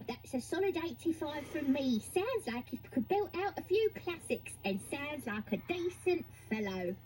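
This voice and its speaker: A woman's voice: high voice, big pitch swings, moderate pace, darkish tone, a little hiss or hum. A woman putting on a Cockney accent to read out a listener's message in a hammy voice. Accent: put-on Cockney. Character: Cockney-voiced female listener reading a score.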